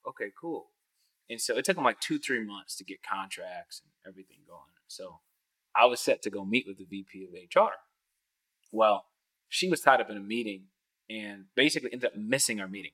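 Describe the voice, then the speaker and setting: A man guesting on a podcast, telling stories casually and acting out other people's lines with big jumps in pitch, laughing often as he goes. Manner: animated, acts out quoted voices with big pitch jumps; laughs often mid-story. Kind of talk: casual storytelling.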